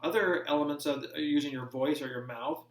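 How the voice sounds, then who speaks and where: A man teaching a recorded lesson, explaining at a measured pace with frequent fillers and restarts. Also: fairly high pitch, far from the mic. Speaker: course instructor. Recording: roomy echo, speaker away from mic.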